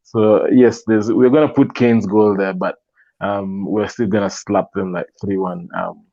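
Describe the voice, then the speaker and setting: A low-voiced man talking fantasy football on a casual panel. He laughs often and makes brash, confident predictions. His sound is dry and slightly dull. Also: steady tone, measured pace, dark tone, no echo.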